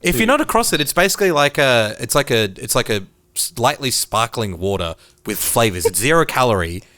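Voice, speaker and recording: Lively man co-hosting a podcast. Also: mid-range voice, brisk, no room sound. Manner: enthusiastic, chuckles often. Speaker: podcast co-host. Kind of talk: casual podcast chat.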